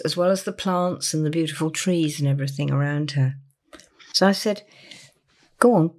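Gentle, earnest woman coach. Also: low voice. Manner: gentle, earnest, slows and softens into near-whispers for emphasis. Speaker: therapist or coach. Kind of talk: reflective monologue about a client session.

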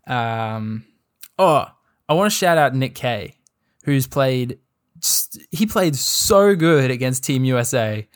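A man's voice: mid-range voice, animated, slow. A young Australian man talking casually about basketball on a podcast, rambling along with plenty of "like" and "um". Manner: rambling, filler-heavy with frequent "like" and "um". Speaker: podcast host. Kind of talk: casual sports chat.

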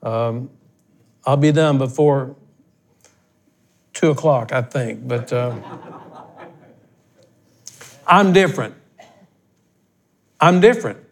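A man's voice: medium pitch, slow, long pauses. An older man preaching a sermon as pastor, talking in a folksy, blunt way that swells into emphatic outbursts.

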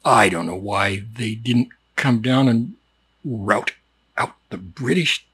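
A man delivers a rambling, mock-educational comedic monologue with a heavily husky, breathy voice. He drifts between asides and laughs at his own jokes. The recording is dry and close, with almost no room sound. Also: on the low side, lively intonation, a little slow, a bit bright, no echo. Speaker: comedic video host.

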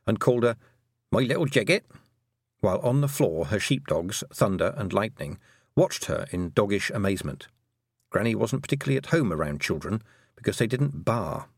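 Lively low-voiced male storyteller. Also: dry recording, clean studio sound. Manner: expressive storytelling. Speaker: audiobook narrator. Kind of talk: scripted narration.

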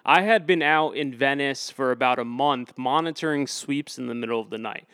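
A man's voice: medium pitch, moderate pace, fairly bright tone, clear, resonant tone, no echo. Rambling, heated man in a dry room. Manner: rambling, filler-heavy, heated and emphatic. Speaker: activist guest. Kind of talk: casual interview storytelling.

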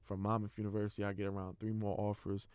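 A man's voice: lowish voice, monotone, darkish tone, clear, resonant tone, dry recording. A young man, a college football player, hosting his own podcast and speaking candidly and earnestly about his life, with lots of casual fillers. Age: young adult. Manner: earnest, heartfelt, rapid and loose with many fillers. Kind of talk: candid personal monologue.

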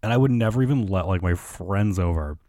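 A man's voice: low voice, animated, a little fast, dark tone, no room sound, clean studio sound. A man hosting a solo podcast, rambling through celebrity gossip in a casual way, with constant fillers and swearing. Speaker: podcast host.

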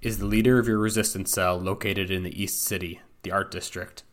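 A gruff, blunt soldier interrogator put on by a man with a lowish voice. He talks in a casual, clipped military way, as in a spoken tabletop game. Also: steady tone, brisk, lightly acted. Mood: brusque.

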